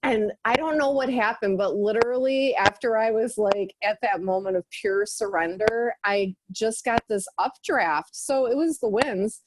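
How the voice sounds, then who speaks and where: A woman on a group video call who tells a story with lively energy and laughs often. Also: medium pitch, measured pace, hardly any pauses, background noise. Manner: animated, laughs often while telling stories. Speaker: book study participant.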